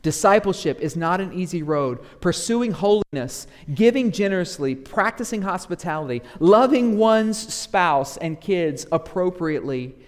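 A man preaching a sermon as pastor, animated, dropping into asides that mimic grumbling church members. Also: high voice, moderate pace, hardly any pauses, long reverb tail.

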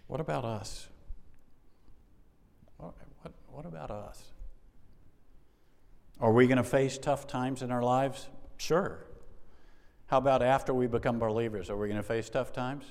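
A man's voice: mid-range voice, measured pace, vocal fry, pauses often, a little mellow. A man preaching a sermon with emphasis, putting rhetorical questions to his congregation and asking for an "amen". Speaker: pastor. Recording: long hall reverb.

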